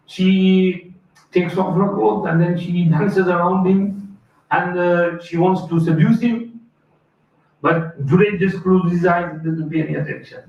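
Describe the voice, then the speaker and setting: A man teaching a hadith lesson as a story, acting out the characters' voices and slipping Urdu phrases into his English. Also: a little high. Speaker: religious teacher. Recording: echoey far-off phone-like recording.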